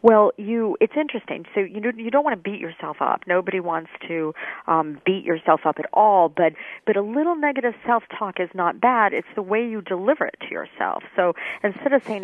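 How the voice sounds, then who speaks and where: A woman's voice: medium pitch, lively intonation, fairly quick, dry recording. Woman explaining over a phone line. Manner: thoughtful, many fillers and restarts. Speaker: guest expert. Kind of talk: conversational explanation. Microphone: telephone. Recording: dry tinny phone line.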